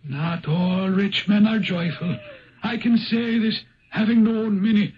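A man's voice: high-pitched, fairly even intonation. The Old Man of the Rock, an ancient Irish Viking spirit. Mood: solemn. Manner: grave, measured, riddling. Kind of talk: 1970s radio drama acting. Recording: dull lo-fi 1970s radio broadcast.

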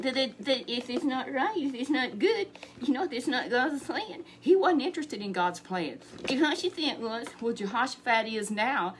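A woman's voice: on the high side, a little hiss or hum. A woman telling a Bible story to a child in a chatty way, repeating words and asking questions.

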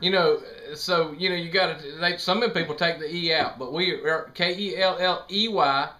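A man putting on a slow-witted, rambling rural hillbilly character on a prank call. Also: a little high, sharp tone. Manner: rambling, confused, drawling. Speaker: prank caller.

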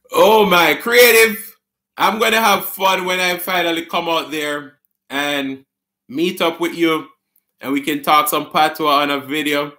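Jamaican guy hosting a live chat, reads out comments and laughs a lot, bright voice. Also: a little high. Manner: reads viewer comments aloud and answers them, laughs often. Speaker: live-stream host. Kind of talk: casual live-stream chat.

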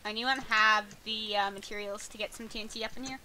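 A woman's voice: medium pitch, fairly even intonation, brisk, pushed and bright, low-quality recording. A young woman hosting a gaming video, chatting casually and giggling with friends while she plays and talks to her viewers. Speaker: gaming channel host.

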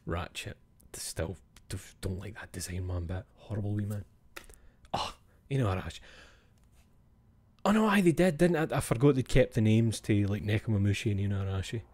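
A man's voice: lowish voice, very animated, normal speed, a little mellow. Chatty Scottish man, swearing, whispered asides. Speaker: streamer. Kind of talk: casual chat with stream viewers.

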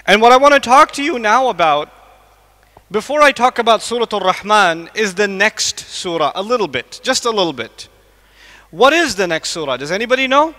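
A man from the United States, probably middle-aged, giving an animated religious lecture to a live audience, asking it questions and quickly reciting Arabic verses. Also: high-pitched. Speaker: Islamic lecturer. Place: large lecture hall. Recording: long hall reverb.

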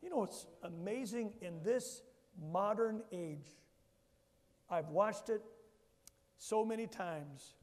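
A man's voice: high voice, takes it slowly, long pauses. A male pastor preaching a sermon emphatically, calling on the congregation to answer back. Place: church sanctuary. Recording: long church hall reverb.

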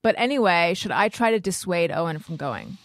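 A woman's voice: lowish voice, lively intonation, brisk, dry recording. A woman hosting a podcast in casual chat with a dry, teasing manner. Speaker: podcast host.

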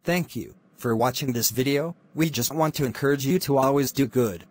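A synthetic man's voice with a husky edge narrates a preachy outro. He exhorts listeners and quotes scripture at a middle pitch. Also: normal speed. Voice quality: synthetic text-to-speech voice. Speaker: channel narrator.

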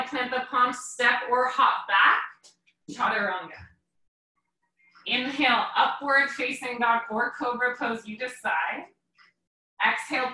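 A bright, higher-pitched woman leads a yoga flow with calm, clipped breath cues, slightly winded as she practices along. Her voice rings around a very echoey room and sits some way back from the mic. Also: far from the mic. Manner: calm step-by-step cueing in short phrases. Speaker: yoga teacher. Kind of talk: guided yoga class instruction.

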